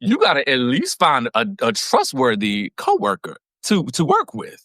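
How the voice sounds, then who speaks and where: A man with a bright, forward voice swings through his pitch as he chats on a podcast. He tells his stories with animated, expressive delivery. The sound is dry and close. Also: moderate pace, dry recording. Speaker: podcast co-host. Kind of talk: casual chat.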